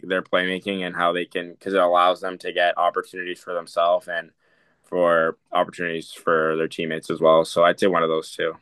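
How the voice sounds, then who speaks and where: Young man, hockey interviewee, smooth clear voice, dry close sound, lots of fillers. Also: deep voice, fairly bright tone, no echo. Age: young adult. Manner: rambling with many fillers and restarts. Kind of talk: casual interview answers.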